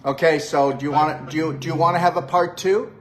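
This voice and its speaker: A man's voice: on the high side, steady tone, fast talker, a bit bright. Upbeat older man coaching with "okay?". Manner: upbeat, coaching, repetitive "okay? all right?". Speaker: host and health practitioner. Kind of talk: live-stream chat with a guest.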